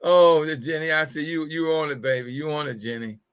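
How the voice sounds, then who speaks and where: A man's voice: on the high side, fairly even intonation, brisk, a bit bright, clean tone. A middle-aged man hosting a live call-in show, telling jokes casually, repeating his punchlines and stumbling over words. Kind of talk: casual humorous talk.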